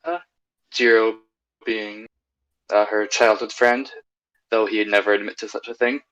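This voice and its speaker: Hesitant low-voiced player. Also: male voice, fairly even intonation, a little slow, a bit bright, muffled recording.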